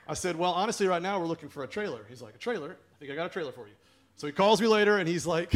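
A man with a somewhat high voice shares a testimony at a church service. He tells it as a lively story and acts out the people in it. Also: quick pace. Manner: animated storytelling, acting out what others said. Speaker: church planter.

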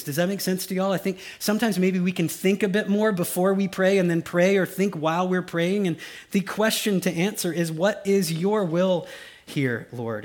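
A male pastor, preaching a conversational sermon and often asking "right?" and "y'all with me?". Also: sits high. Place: church.

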